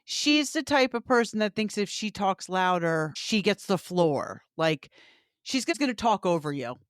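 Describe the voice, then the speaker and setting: A woman co-hosts a casual podcast, giving opinionated takes in a lively voice that moves up and down a lot. The recording is close and dry. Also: mid-range voice, a little slow, dry recording. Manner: opinionated, agreeing and giving her own take. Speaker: podcast co-host. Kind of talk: casual chat.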